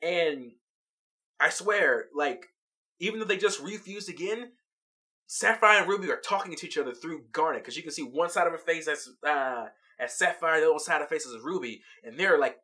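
Picture a vlog host talking through a cartoon episode they just watched. The pitch swings widely as the story builds, and the tone stays bright and forward. They laugh often and keep the recap loose and chatty. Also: lively intonation, normal speed.

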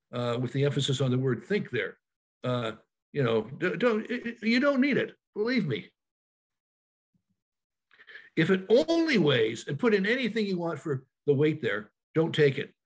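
Man, husky voice, fairly high pitch, webinar presenter, frequent ums and restarts, video call sound. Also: sing-song. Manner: halting, many fillers and restarts.

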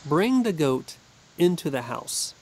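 A man reading a storybook, voicing a calm, wise rabbi who gives measured, firm instructions. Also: fairly high pitch, a little hiss or hum, heavily acted, low-quality recording. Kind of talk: storybook reading for English learners.

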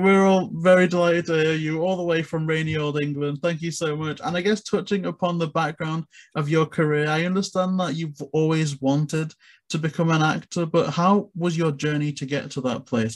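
Interview host, polite and formal, measured questions, mid-pitched, video call. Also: fairly even intonation. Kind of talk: scripted interview hosting.

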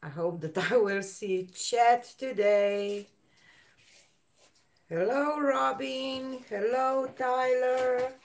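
Slow, halting woman. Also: a little high, fairly even intonation. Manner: halting, many fillers, greets viewers by name. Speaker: live-stream art host. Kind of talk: casual live-stream chat.

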